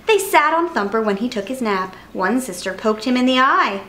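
A woman reading a children's picture book aloud with clear, expressive narration. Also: fairly high pitch, moderate pace, a little hiss or hum, poor audio. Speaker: storyteller.

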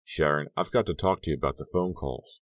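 Deep-voiced guy doing a beat-up teen boy, defensive and tense, close dry audiobook sound. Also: a little fast, dry recording. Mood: pleading. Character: troubled teenage boy, bruised and defensive.

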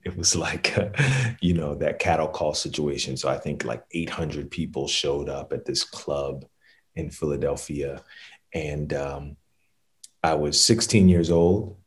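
A man in his thirties, an actor, telling a relaxed, chatty story to the camera. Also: very deep voice, a little slow. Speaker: actor guest. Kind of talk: casual anecdote to camera.

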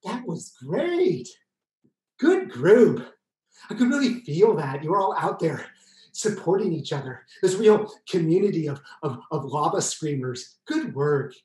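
A man telling a comic solo story, exuberant and pulling the audience in, with sudden high yelps. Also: big pitch swings, a little slow, darkish tone, roomy sound, rough recording. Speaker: solo performer.

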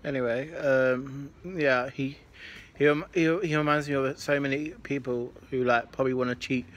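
Flat-voiced indignant English man. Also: mid-range voice, normal speed, lo-fi sound. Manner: indignant, lecturing. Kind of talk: casual chat. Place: outdoor railway station platform. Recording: noisy urban station ambience.

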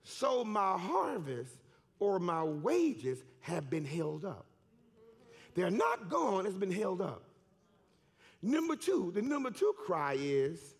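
A man preaching a sermon in a church, fervent and shouting with emphatic repetition. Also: high voice, wildly swooping pitch, a little slow, creaky. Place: church sanctuary.

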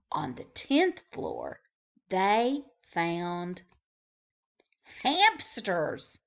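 A woman librarian reading a picture book aloud to young children, expressive and full of sound effects. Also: medium pitch, very slow.

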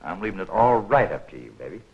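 An actor playing a shifty, leering landlord in a 1940s film, talking slangy and hesitant with little chuckles. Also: male voice, low-pitched, sing-song, fast talker, breathy edge, full character voice. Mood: sly. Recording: dull old film soundtrack, faint hiss.

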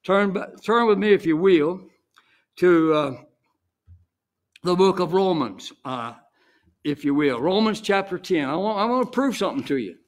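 A middle-aged senior pastor preaching an emphatic sermon, building to exclamations and punctuating points with "Amen.". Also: male voice, high voice, lively intonation, unhurried, pauses often.

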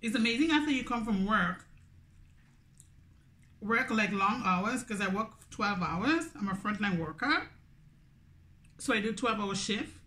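A woman's voice: mid-range voice, lively intonation, unhurried, long pauses, pushed and bright. A woman with a Grenadian accent, a food vlogger chatting casually between bites. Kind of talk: casual eating vlog chat.

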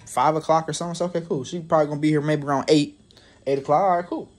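A man's voice: on the high side, fast. Rambling, profane young man. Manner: profane, rambling, with frequent restarts and laughter. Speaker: vlogger. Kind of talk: casual storytime monologue.

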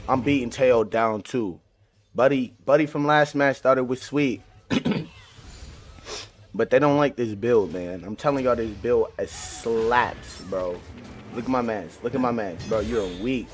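A man commentating live gameplay on his channel, full of slangy trash talk, swinging from low mutters to excited yelling. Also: measured pace, soft background music. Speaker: gaming channel host.

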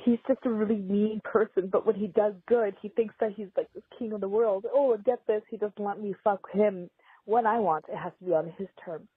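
Woman caller, voicemail over a phone line, emotional and rambling, husky. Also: mid-range voice, steady tone, a little fast, no room sound. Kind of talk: voicemail confession.

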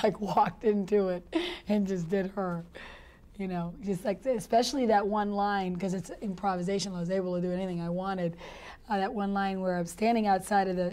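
A woman actress in a casual interview, telling stories in a chatty, animated way and laughing often. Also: medium pitch.

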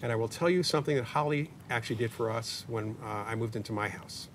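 A man in his sixties, a paranormal investigator guest in an interview, talking in a chatty, anecdotal way with joking asides. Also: fast. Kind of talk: interview conversation. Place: community media studio. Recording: distant mic with faint rumble.

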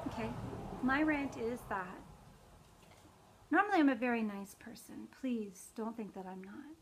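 A middle-aged woman vlogging casually about cross stitch, who slips into an exasperated rant that climbs toward near shouting. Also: mid-range voice, a little hiss or hum. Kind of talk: casual vlog chat.

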